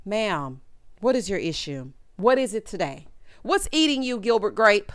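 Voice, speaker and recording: A woman's voice: fairly high pitch, very animated, unhurried, no echo, studio quality. A woman hosting a reality TV recap, talking casually, blunt and sassy, scolding the cast and calling listeners honey. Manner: calls viewers honey and baby.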